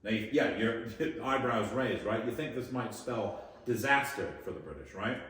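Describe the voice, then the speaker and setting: A man leading a guided tour at a historic fort, lively and joking, often quizzing his group. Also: fairly low pitch, moderate pace. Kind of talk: guided tour talk to visitors. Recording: echoey space, voice from a distance, faint noise.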